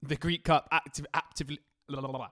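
A man's voice: on the high side, steady tone, fast talker, a bit bright, no echo, clean studio sound. A man co-hosting a casual football podcast, bantering, laughing often and swearing freely. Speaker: podcast co-host.

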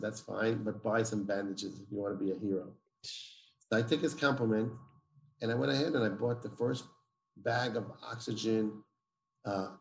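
A man's voice: mid-range voice, gravelly, slight background noise. A man, a guest telling a personal story emphatically and acting out the dialogue. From Israel. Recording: roomy echo.

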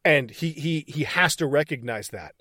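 A man's voice: fairly high pitch, normal speed, dry recording, clean studio sound. A man hosting a casual podcast, retelling movie scenes with lots of swearing and enthusiasm. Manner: excited, profane retelling of scenes. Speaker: podcast host. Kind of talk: casual film recap chat.

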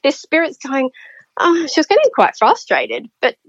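Woman, slightly high voice, lively storyteller, dry and dull-sounding recording. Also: normal speed, dry recording. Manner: animated, acts out voices in her stories. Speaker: podcast guest, spiritual medium. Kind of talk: casual storytelling.

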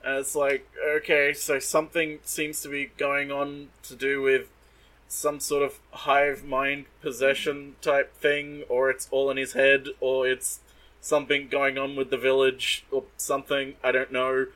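Sardonic dude recapping anime on a podcast, bright voice, swears a lot. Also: male voice, mid-range voice, monotone, measured pace, poor audio. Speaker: podcast co-host. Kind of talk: casual recap chat.

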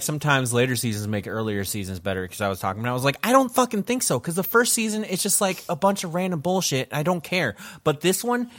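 A young man in casual chat, excitable and profane, swinging between loud bursts and mumbling. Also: on the high side. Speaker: podcast co-host.

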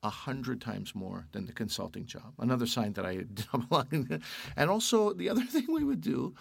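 A man from Canada spins animated anecdotes in relaxed conversation. His voice has a gravelly, fry-tinged texture at a middling pitch. He slips into the voices of the people in his stories, and the sound is dry and close. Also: fairly quick, no echo. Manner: animated storyteller, acts out quoted voices. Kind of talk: casual storytelling chat.

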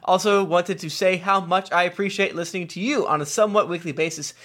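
A man with a slightly high voice reads listener reviews on a casual podcast. He trips over words and breaks off into joking asides. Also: steady tone, fast, a bit bright. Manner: jokey, stumbling, laughing asides. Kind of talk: casual chat.

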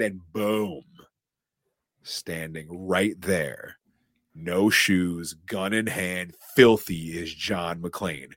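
Guy on a podcast walking through a movie, kinda low voice, acts out the lines, swears a bit, dry close mic. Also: no room sound. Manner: animated storyteller, acts out quotes and swears casually. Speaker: podcast co-host recapping a film. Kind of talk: casual chat, scene-by-scene recap.

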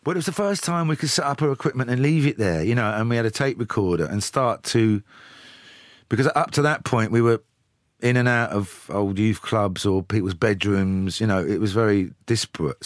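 Man, low voice, dry close sound, chatty anecdotes, laughs while talking. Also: a little fast, dry recording. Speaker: guest, singer. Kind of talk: storytelling interview.

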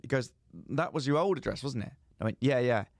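A man's voice: medium pitch, expressive, brisk, dry recording, clean studio sound. A young man co-hosting a podcast, telling a comic story and acting out both sides of phone calls. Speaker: podcast co-host. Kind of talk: casual storytelling chat.

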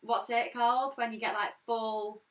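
A woman's voice: on the high side, flat delivery, moderate pace, distant mic. A woman in her twenties co-hosting a casual podcast, rambling, cutting in and swearing casually. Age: 20s. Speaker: podcast co-host. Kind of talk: casual chat.

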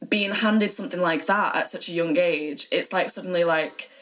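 A woman's voice: lowish voice, normal speed, fairly bright tone, poor audio. A woman in her twenties from Oldham, England, hosting a casual podcast conversation in a thoughtful, reflective way. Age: 20s. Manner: thoughtful and reflective, with supportive interjections.

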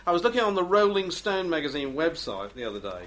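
A man's voice: fairly high pitch, quick pace. A man co-hosting a podcast, chatting casually and telling jokes with a chuckle. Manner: animated storyteller, chuckling. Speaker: podcast co-host.

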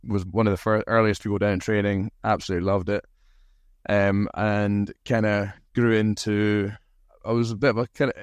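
A man's voice: lowish voice, clean tone, dry recording. A man from Aberdeen with a Scottish accent, telling easygoing, self-deprecating stories as a podcast guest. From Aberdeen, Scotland. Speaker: podcast guest, rugby team captain. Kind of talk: casual interview storytelling.

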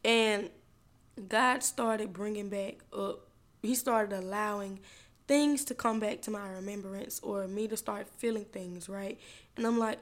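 A woman's voice: medium pitch, steady tone, a little slow. A woman podcast host talking candidly and emotionally about her healing and faith, speaking to listeners as y'all. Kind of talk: personal faith testimony.

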